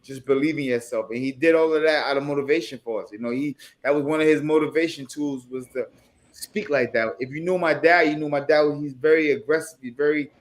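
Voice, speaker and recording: A man's voice: a little high, steady tone, a little fast. A man, a former boxing champion, talking in a laid-back, reflective way as a guest on a casual podcast interview. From New York.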